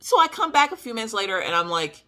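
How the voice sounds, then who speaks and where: A woman's voice: a little high, sing-song, fast talker, pushed and bright. A woman with a Southern US accent telling a story to her viewers in a sassy, emphatic way. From Southern United States. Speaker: vlogger. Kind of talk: casual storytelling to camera.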